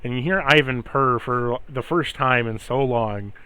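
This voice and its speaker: A man's voice: medium pitch, a little slow, pushed and bright, smooth, no echo. Man narrating as game master.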